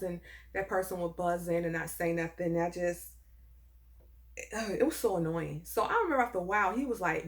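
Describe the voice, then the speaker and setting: A woman telling a personal story in a casual, animated and emphatic way, full of sass. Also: medium pitch. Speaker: storyteller vlogger.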